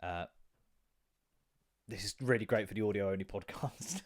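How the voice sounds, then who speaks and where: A young man hosting his own podcast, rambling and joking with lots of swearing and sudden loud bursts. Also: on the low side, a little slow, pauses often. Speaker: podcast host. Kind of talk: casual solo podcast rant.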